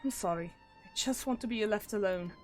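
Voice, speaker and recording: A woman's voice: medium pitch, brisk, darkish tone, faint music behind, lightly acted. A woman reading aloud the lines of a grieving young villager from a game, with mild emotion. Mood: sorrowful.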